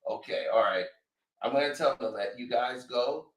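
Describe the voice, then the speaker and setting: A man putting on an impression of a famous rapper who is calm, evasive and soft-spoken, in an echoey room. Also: close to an everyday voice. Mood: pleading. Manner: low, subdued, measured.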